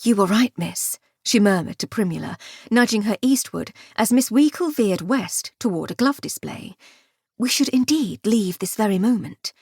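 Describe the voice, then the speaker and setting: A woman voicing a sensible, dry-witted young lady companion in a soft, measured murmur. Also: medium pitch, lively intonation, slightly rough, no echo. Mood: urgent murmur.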